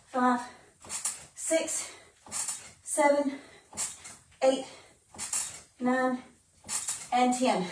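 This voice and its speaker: A woman fitness instructor demonstrating modified exercises live, out of breath as she coaches and counts reps. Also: high-pitched. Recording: roomy, distant phone-camera sound.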